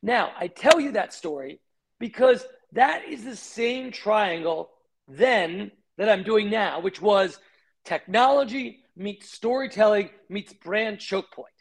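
A middle-aged man, a company founder, telling career stories in an interview, fast and animated, acting out the voices of people he quotes. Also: high-pitched, creaky.

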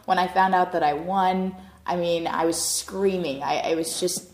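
A woman's voice: lowish voice, fairly even intonation, moderate pace. Gushing woman in an echoey room. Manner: gushing, breathless thanks. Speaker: contest winner guest. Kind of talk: casual chat.

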